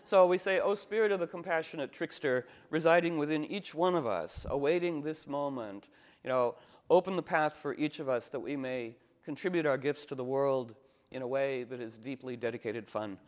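A man's voice: mid-range voice, moderate pace. A man giving an informal spiritual talk as a teacher, telling playful stories and acting out the voices of people he quotes.

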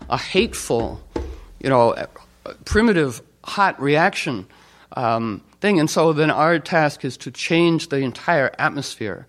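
Rambling male storyteller, mid-pitched. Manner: rambling, with many fillers and restarts; playful storytelling, acting out quoted people. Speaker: speaker. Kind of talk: informal talk with anecdotes.

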